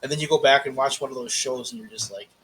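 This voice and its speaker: A man co-hosting a podcast in casual chat, swearing freely and telling animated stories with acted-out quotes. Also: medium pitch, quick pace, a little hiss or hum. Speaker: podcast co-host.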